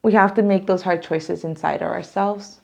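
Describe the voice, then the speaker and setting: A woman with a gravelly edge to her mid-pitched voice talks through a tarot reading. She rambles and laughs often, and she sounds close to tears. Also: steady tone, normal speed. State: near tears. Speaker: tarot reader. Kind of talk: casual tarot reading to camera.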